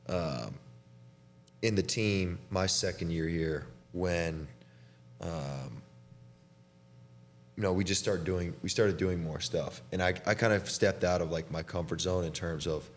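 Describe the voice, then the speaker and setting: Very deep-voiced young man, laid-back host. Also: slight background noise. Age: young adult. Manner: laid-back, chatty, laughs often, says "dude". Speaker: podcast host and college basketball player. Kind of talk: casual chat between teammates.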